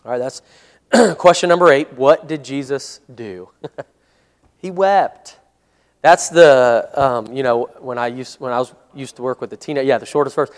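A man leading a casual Bible study as a pastor, conversational and given to chuckles and "Amen?" checks, slowing into a measured tone when reading scripture aloud. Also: medium pitch, big-room sound. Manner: conversational, chuckles often, asks "Amen?" and "right?".

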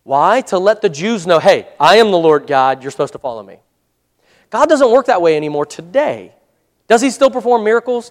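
High-voiced man preaching, calling for amens. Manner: conversational preaching, asks the congregation for amens; reads scripture slowly and deliberately. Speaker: pastor. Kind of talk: sermon.

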